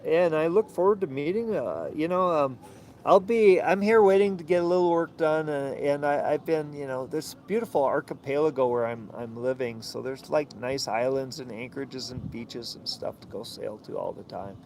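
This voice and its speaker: Male sailor vlogger, rambling casual talk, slightly high, faint street noise. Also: normal speed, darkish tone. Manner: rambling, many fillers and restarts. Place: outdoors.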